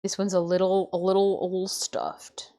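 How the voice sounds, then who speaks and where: A woman from Michigan chatting casually on a live stream while she cooks, swearing freely and often dropping to a quiet mutter. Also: fairly low pitch, little pitch movement, a little slow. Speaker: livestreamer.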